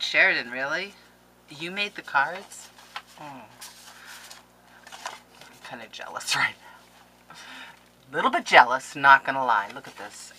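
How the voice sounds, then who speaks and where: A middle-aged woman, opening mail on camera in a casual vlog, gushing and excitable. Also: medium pitch, a little hiss or hum, low-quality recording. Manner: gushing, excitable, laughs and gasps often. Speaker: crafting vlogger.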